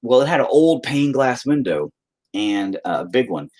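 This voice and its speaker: A man in casual conversation with his stream chat, rambling through a story with plenty of swearing and emphatic stresses. His voice is mid-pitched and moves up and down in a lively way. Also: measured pace.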